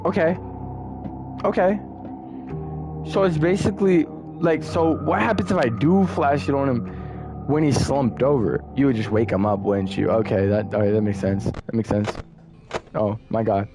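Young male gaming streamer, lively pitch, jumpy and loud at scares, over game music. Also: normal speed, long pauses. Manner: excitable, swings from muttering to yelling at jump scares. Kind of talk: casual gameplay commentary.

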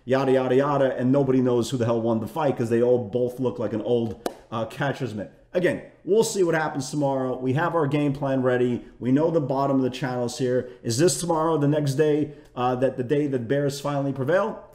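A man's voice: medium pitch, brisk, darkish tone, echoey room. A man giving a market recap as a trading educator, chatty and full of restarts, often tagging lines with "right?". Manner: chatty, repeats "right?" and "again"; self-correcting restarts.

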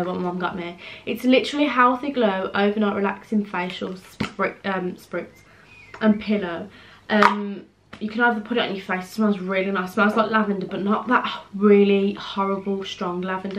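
This home vlog features a young woman talking to camera at a moderate pace, her medium-pitched voice steady in tone over a slight hiss or hum. Breathless, she rambles chattily indoors and at times sinks to a near whisper.

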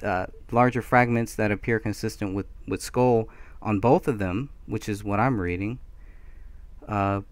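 A man's voice: fairly low pitch, measured pace, no echo. A man hosting a casual live stream discussion, speaking hesitantly and restarting his phrases. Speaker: host.

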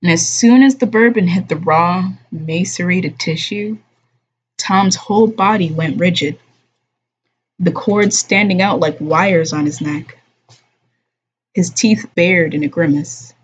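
A woman streamer reading a novel aloud at a slow, measured pace, softly giving voice to the dialogue. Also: on the low side, slight background noise. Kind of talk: unhurried audiobook-style reading. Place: home streaming room. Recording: dull lo-fi stream audio.

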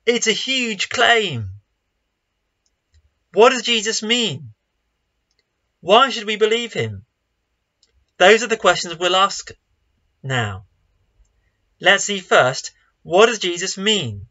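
A man's voice: high voice, animated, slow, long pauses, pushed and bright, lo-fi sound. A man, a pastor giving an online sermon in a conversational, lightly joking way. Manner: conversational, self-deprecating humor.

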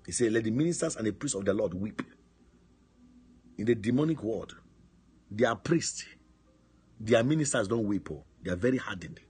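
A man preaching with fervor, his voice deeply husky and raspy. He leans on phrases and throws questions back to his listeners, the way a pastor drives home a point. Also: expressive, moderate pace, pauses often, darkish tone. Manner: emphatic preaching with call-and-response questions. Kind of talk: sermon on a prayer line. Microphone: phone line.

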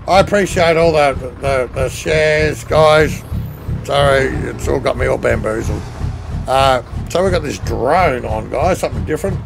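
A man's voice: medium pitch, measured pace, vocal fry, over music. An Australian man chatting casually on a live game stream, greeting viewers by name in a chatty, flustered way and swearing freely. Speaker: truck sim live streamer. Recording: steady background noise.

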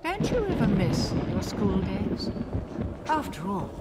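An actor voicing an eerie, wistful male video game character with a soft, distant voice, heard through game audio with loud noise behind it. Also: high voice, wildly swooping pitch, slow, heavily acted.

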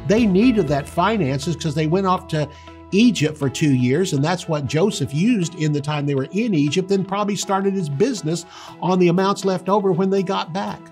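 An older man, a pastor, teaching a sermon with a husky voice and emphatic, drawn-out stresses on key words. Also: sits high, darkish tone, faint music behind.

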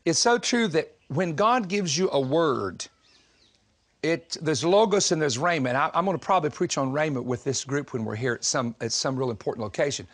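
Animated man preaching a humorous sermon. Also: a little high, moderate pace. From Southern United States. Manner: animated, humorous storytelling with frequent laughter.

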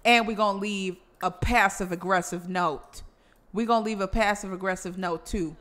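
Animated, cursing woman streamer with bright voice. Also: mid-range voice, normal speed. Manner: animated, swearing, talks back at the game characters. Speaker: gaming streamer. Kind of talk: casual gameplay commentary.

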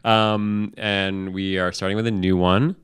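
A man's voice: sits low, level tone, measured pace, fairly bright tone, smooth. A man co-hosting a podcast, bantering playfully and laughing often. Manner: playful, easily amused. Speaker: podcast co-host. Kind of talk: casual comedic chat.

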